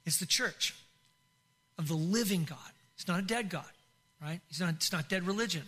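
A man's voice: sits high, moderate pace, a bit bright, husky. A male pastor preaching a sermon in an impassioned way, with many restarts and repeated phrases.

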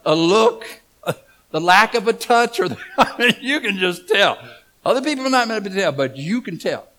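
A man's voice: high voice, big pitch swings, moderate pace, bright, forceful tone. A middle-aged man preaching a humorous storytelling sermon, folksy and joking, asking the congregation questions.

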